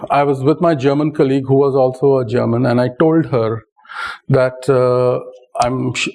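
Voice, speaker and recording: Mellow-voiced Indian man lecturing. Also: medium pitch. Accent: Indian English. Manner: conversational, seeks assent with "right?". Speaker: psychologist giving a lecture. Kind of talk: lecture with personal anecdote.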